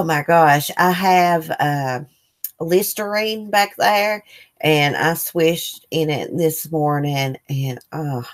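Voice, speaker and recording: A low-voiced woman hosts a casual livestream chat, reading viewer comments aloud. She's chatty and rambling, loose with plenty of fillers.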